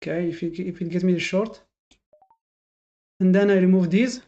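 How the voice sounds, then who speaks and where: A man's voice: sits high, fairly even intonation, moderate pace, warm tone. A man streaming his live day trading and talking to his chat, frustrated and self-critical, thinking aloud with many restarts. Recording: dull lo-fi sound.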